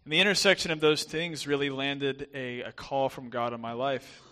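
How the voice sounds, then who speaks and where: A young adult man with a softened Southern American accent, preaching as a guest pastor in a chatty, self-deprecating way with many fillers and restarts. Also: mid-range voice, steady tone, normal speed, clean tone. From southern United States. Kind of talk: sermon.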